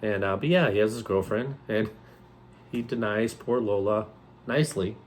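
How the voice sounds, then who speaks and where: Low-voiced man in casual movie chat. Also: moderate pace, a little hiss or hum. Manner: joking, jumps into loud playful outbursts. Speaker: co-host of a horror movie review channel.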